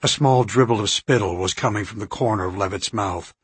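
A male narrator reads a novel aloud in a steady, even way. His voice is husky and sits a little low. The recording is close and dry. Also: a little fast, dry recording. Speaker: audiobook narrator. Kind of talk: scripted narration.

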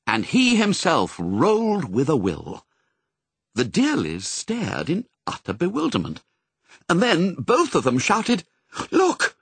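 Man narrating a storybook, husky and very animated, dry booth sound. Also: fairly high pitch, slow, no echo. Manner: expressive, storytelling. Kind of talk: audiobook reading.

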